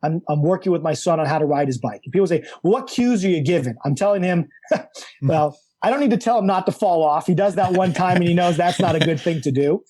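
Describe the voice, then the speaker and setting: A middle-aged man, a coach and author, explaining ideas with animated emphasis, repeating key words for effect. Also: sits high, brisk. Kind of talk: enthusiastic explanatory conversation.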